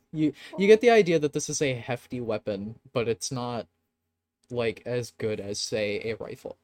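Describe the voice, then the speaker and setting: A man's voice: mid-range voice, a little slow, darkish tone. A young man narrating a tabletop game as game master, casual and laughing, swearing often. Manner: casual, laughing, swears often, puts on silly shopkeeper voices.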